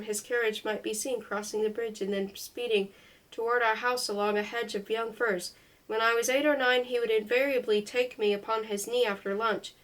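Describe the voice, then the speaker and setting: Higher-voiced woman reading a memoir aloud. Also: fairly bright tone, low-quality recording. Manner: careful, stumbling now and then over foreign names. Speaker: reader. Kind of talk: unhurried audiobook-style reading of a memoir.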